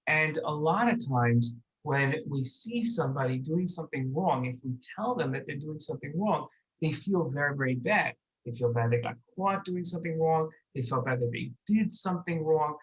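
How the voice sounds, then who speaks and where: Gentle kids' torah teacher telling a story, leans on repeated words. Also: medium pitch, animated, normal speed, rough recording. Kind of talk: storytelling lesson for children.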